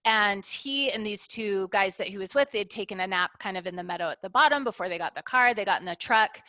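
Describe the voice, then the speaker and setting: A middle-aged businesswoman speaks candidly in an interview, her medium-pitched voice fast and sharp-toned on a dry recording. She is reflective, working through her points with analogies and often closing them with "right?".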